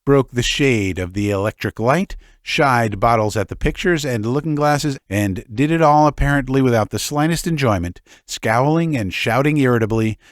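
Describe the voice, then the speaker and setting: A man narrating a classic short story audiobook in an unhurried, even manner. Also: medium pitch, dry recording, clean studio sound. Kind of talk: scripted narration.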